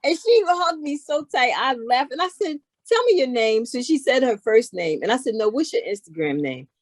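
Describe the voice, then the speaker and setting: A middle-aged woman chatting casually as an interview guest, telling animated stories. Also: high voice, moderate pace, no room sound. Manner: animated, acts out others in her stories. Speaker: guest, knitwear maker. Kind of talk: casual storytelling chat.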